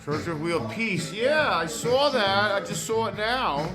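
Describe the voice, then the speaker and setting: A man's voice: high voice, expressive, a little slow, music in the background. A man hosting a casual live stream, rambling to his viewers and talking to his dogs.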